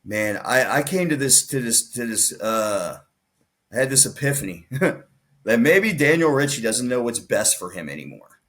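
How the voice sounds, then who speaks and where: A man telling a personal story as a podcast guest, his voice at an ordinary middle pitch. He acts out what others said with lively swings, and he often restarts his sentences. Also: normal speed. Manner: animated retelling, acts out quoted dialogue, frequent restarts. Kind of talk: storytelling in casual conversation.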